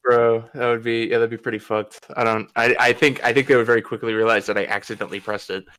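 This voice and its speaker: A man's voice: mid-range voice, flat delivery, quick pace, fairly bright tone, clean tone. Rambling, swearing young man telling a story. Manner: rambling, laughs often, swears freely. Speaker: podcast host. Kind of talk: casual storytelling chat.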